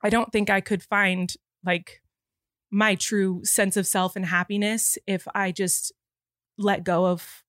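A woman's voice: mid-range voice, level tone, slow, a bit bright, no room sound, clean studio sound. A woman in her thirties hosting a podcast, teary and rambling earnestly in casual chat. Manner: rambling, earnest, with frequent restarts. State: teary, emotional. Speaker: podcast host. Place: indoor podcast studio.

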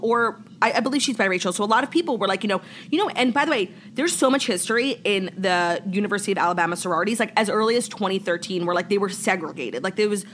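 A woman's voice: mid-range voice, slight background noise. Chatty young woman retelling a story. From New York. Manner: chatty, heavy "like" filler, animated retelling. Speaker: podcast co-host. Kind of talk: casual chat, storytelling.

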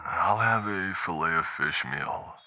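A man's voice: low-pitched, lively intonation, a little slow, soft background music. A man voicing a bumbling, drunk late-night customer who slurs his words, heard through a muffled drive-thru headset. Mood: drowsy. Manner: slurred, bumbling. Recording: dull, muffled headset audio.

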